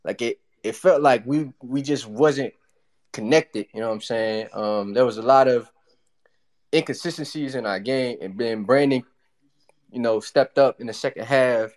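A man's voice: medium pitch, moderate pace, darkish tone. A man calling in to a fan audio room, rambling and repeating himself. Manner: rambling, repeats "you know what I'm saying". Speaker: caller. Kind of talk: casual fan talk.

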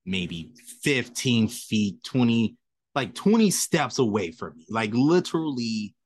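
A man's voice: medium pitch, very animated, slow, breathy edge. A man co-hosting a podcast, talking in a laid-back way in casual chat. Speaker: podcast co-host.

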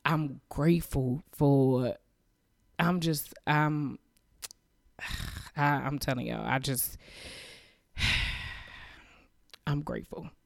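A woman in her thirties hosting a podcast, talking earnestly and emotionally, with halting restarts and repeated phrases. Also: low-pitched, steady tone, gravelly, no echo, clean studio sound. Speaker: podcast host. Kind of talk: heartfelt faith-based podcast monologue.

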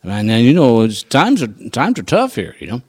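A man telling a personal faith testimony in a folksy, animated storytelling manner. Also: medium pitch, normal speed, breathy edge, dry recording, studio quality. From rural farming background. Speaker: guest sharing testimony.

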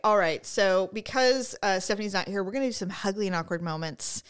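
Woman, 40s, podcast co-host: animated storyteller, slips into voices for quotes. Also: mid-range voice, fairly quick, smooth. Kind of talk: casual chat.

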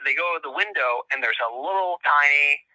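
A man's voice: on the high side, fairly quick, sharp tone, no echo, low-quality recording. A man, a professor, telling a long story as an interview guest, rambling with many fillers and restarts.

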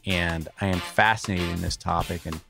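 Male podcast host, low gravelly voice, friendly and jokey, faint music under. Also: steady tone, normal speed. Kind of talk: casual interview.

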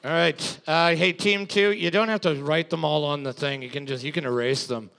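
A man co-hosting a trivia night, reading out team scores and adding dry, deadpan jokes. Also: on the high side, moderate pace, vocal fry, clean tone. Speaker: co-host scoring the teams. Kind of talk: casual banter and score reading.

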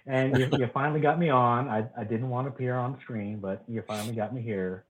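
A man's voice: mid-range voice, fairly even intonation, a little fast. A man, a podcast guest, talking eagerly about football with restarts. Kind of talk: casual chat. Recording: tinny phone-like call line.

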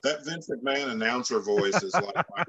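A man's voice: on the high side, animated, normal speed, vocal fry, highs cut off, a crowd in the background. A man co-hosting a casual podcast, making wry joking asides. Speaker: podcast co-host. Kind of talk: casual watch-along chat.

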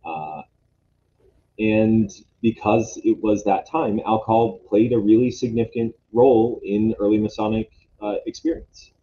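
A man's voice: on the low side, steady tone, unhurried, mellow. A man presenting lodge history in a casual talk, hesitant and full of fillers and restarts. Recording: dull lo-fi sound, faint noise.

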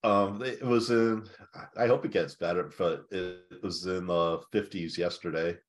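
Very low-voiced easygoing man. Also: fairly even intonation, a little slow. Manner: easygoing, agreeable, rambling with many fillers. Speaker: co-host. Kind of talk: casual chat.

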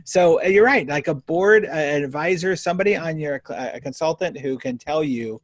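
Energetic male podcast host. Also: fairly high pitch, fairly quick, no room sound. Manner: energetic, animated storytelling. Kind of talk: conversational podcast interview.

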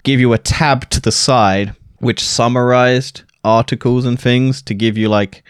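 A British man co-hosting a podcast in casual chat, teasing and laughing often in quick bursts. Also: mid-range voice, steady tone, clean tone, no echo, studio quality. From Britain. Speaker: podcast co-host.

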